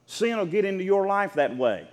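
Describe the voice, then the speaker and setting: A man's voice: high-pitched, sing-song, normal speed, long reverb tail. A man preaching a sermon with impassioned, rhythmic delivery, reading scripture and addressing the congregation.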